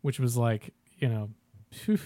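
A man co-hosting a podcast, chatting casually with playful, animated interjections. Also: medium pitch, unhurried, dry recording, clean studio sound. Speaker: podcast co-host. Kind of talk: casual chat.

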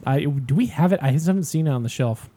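A man chatting casually among friends, his pitch bouncing widely from line to line. He is jokey and loose, quick to riff on whatever comes up. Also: lively intonation, dark tone. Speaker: friend in the chat. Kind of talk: casual chat.

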